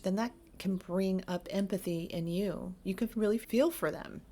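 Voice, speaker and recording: A woman's voice: mid-range voice, fairly even intonation, normal speed, mellow. A woman therapist giving earnest, emphatic advice straight to camera, stacking up lists to make her points. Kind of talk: direct-to-camera advice talk.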